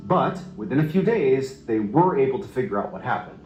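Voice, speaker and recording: Animated male storyteller in an echoey room. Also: medium pitch, fairly quick, soft background music. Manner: animated, building suspense, casual asides. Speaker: storytelling narrator. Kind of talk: unscripted true-story narration.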